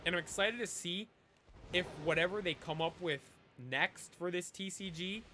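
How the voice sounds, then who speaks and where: A man's voice: high-pitched, normal speed, sharp tone, a little hiss or hum. A man chatting casually on a live stream, rambling and talking straight to his chat. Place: cold room at home.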